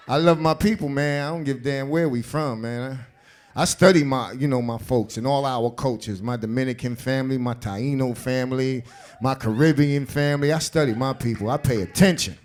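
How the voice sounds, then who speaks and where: A man with a New York accent doing a stand-up comedy set on a live club stage, bantering loosely with the crowd in street talk. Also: medium pitch. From South Bronx, New York.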